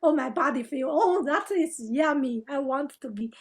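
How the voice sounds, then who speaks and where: A woman hosting a podcast, with a high voice. She talks in short, halting bursts full of fillers. Her phrasing is loose and non-native. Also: expressive. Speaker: podcast host. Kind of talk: casual interview chat.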